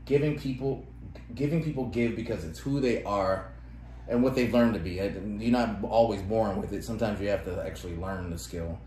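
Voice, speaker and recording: A man's voice: fairly low pitch, moderate pace, dark tone. A man co-hosting a podcast, chatting casually and laughing often as he reads phrases aloud. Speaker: podcast co-host. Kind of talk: casual chat. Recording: echoey room with faint noise.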